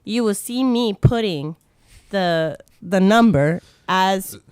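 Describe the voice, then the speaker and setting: A woman's voice: medium pitch, animated, takes it slowly, a little mellow, clear, resonant tone, no echo. A woman co-hosting a podcast, chatting casually and laughing easily through jokey banter. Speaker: podcast co-host. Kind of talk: casual chat.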